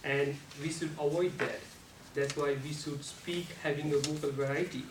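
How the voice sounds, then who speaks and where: A man presents a rehearsed club talk on how to use one's voice, going slowly and carefully with non-native grammar and fairly even intonation. He occasionally demonstrates sudden jumps in pitch and volume. The meeting-room recording is echoey, distant from the mic, with faint noise.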